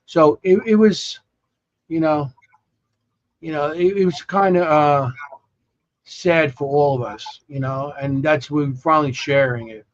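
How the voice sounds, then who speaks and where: A man hosting a podcast in a rambling, halting way, with many fillers and restarts as he tells stories. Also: on the high side, fairly even intonation, highs cut off. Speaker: podcast host. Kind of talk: casual podcast chat.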